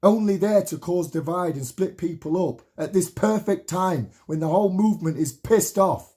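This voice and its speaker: A man's voice: high-pitched, normal speed, mellow. A man in his late thirties giving a heated, swear-laden rallying monologue to camera, repeating himself for emphasis. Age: 30s. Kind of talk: impassioned spoken monologue to camera.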